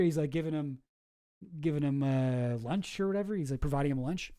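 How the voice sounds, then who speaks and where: A man's voice: a little high, brisk, warm tone, clear, resonant tone, no echo, clean studio sound. A man hosting a casual commentary, reading messages aloud with sarcasm, laughter and swearing. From outside the US. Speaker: commentary host.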